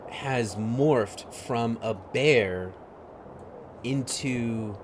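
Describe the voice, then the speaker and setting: A man narrates a tabletop game at a slow, unhurried pace. He pauses often with fillers as he paints the scene. Steady background noise runs under his voice. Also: medium pitch. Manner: slow, halting, with many fillers. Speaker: game master. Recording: noisy stream audio.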